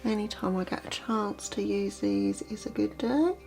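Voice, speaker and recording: A woman vlogger talking through a makeup look step by step in a relaxed, chatty way. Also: medium pitch, moderate pace, soft background music. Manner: chatty, relaxed, explains as she works. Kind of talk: makeup tutorial narration.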